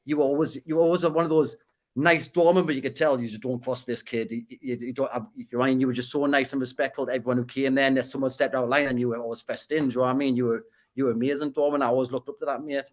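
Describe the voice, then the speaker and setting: Geordie man, guest, rapid rambling storyteller, stumbles over words. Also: medium pitch, fairly even intonation. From Northeast England. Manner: rapid, repeats and restarts words. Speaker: podcast guest. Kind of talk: casual interview storytelling.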